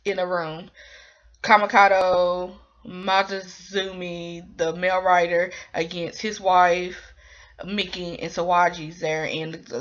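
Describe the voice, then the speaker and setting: Rambling young woman with a bright voice. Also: fairly low pitch. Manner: rambling, full of ums and likes. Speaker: drama recap vlogger. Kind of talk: casual spoken recap. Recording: dull lo-fi recording.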